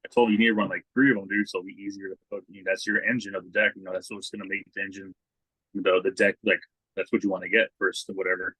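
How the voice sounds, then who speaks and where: A man's voice: low voice, level tone, very fast, pushed and bright, breathy edge, no echo, poor audio. A man co-hosting a podcast in casual chat, laid-back and swearing often, raising his voice when he quotes people. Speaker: podcast co-host.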